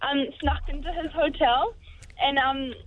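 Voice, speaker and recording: Hesitant high-voiced woman caller. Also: fairly even intonation, measured pace, phone-quality sound, slight background noise. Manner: hesitant, lots of fillers. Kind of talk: telling a story.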